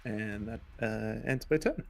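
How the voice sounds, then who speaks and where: A man playing a tabletop game, calmly taking his turn with hesitant fillers. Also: on the low side, a little slow, creaky. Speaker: player. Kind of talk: casual game chat. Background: faint fantasy background music.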